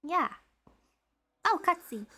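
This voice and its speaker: A woman's voice: very high voice, sing-song, slow, bright, forceful tone, a little hiss or hum. A young adult woman streaming a story game, chatting playfully and dramatically with her viewers. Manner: playful, dramatic, teasing with chat.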